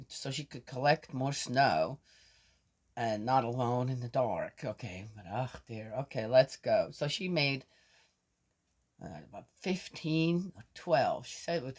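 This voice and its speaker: A woman's voice: very deep voice, darkish tone. An older woman chatting casually to her viewers, rambling from one thought to the next and laughing often. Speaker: vlogger. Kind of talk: casual chat to camera.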